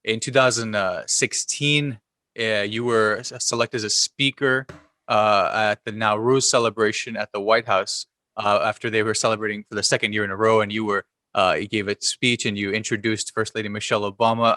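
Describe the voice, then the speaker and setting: A man hosts an interview podcast, and his voice is bright yet a little low in pitch. He asks questions with hesitant fillers and short reactions, in a dry setting with no echo. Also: little pitch movement, a little fast. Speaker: podcast host.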